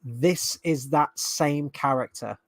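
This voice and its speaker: Man, fairly high voice, sarcastic and exasperated, swears a lot, casual reaction talk, dry close sound. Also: takes it slowly, dry recording. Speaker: fan reaction host.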